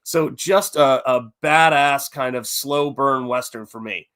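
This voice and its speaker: As host, a man chats casually about Westerns with an enthusiastic fan's rambling, correcting himself as he goes. His voice is medium-pitched and a bit bright, at a measured pace.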